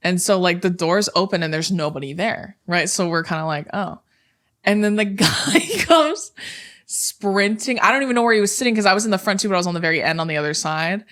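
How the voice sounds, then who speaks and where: A woman's voice: fairly low pitch, fairly quick, a bit bright. A young woman co-hosting a podcast, telling a story with lots of energy and swearing freely, acting out the yelps and screams of the people in it. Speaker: podcast co-host. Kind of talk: casual storytelling chat.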